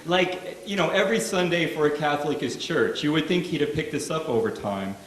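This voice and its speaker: Wry stand-up comic in a roomy room. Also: male voice, on the high side, fairly quick, crowd noise. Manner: wry, casual, profane. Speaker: stand-up comedian. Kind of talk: stand-up comedy storytelling.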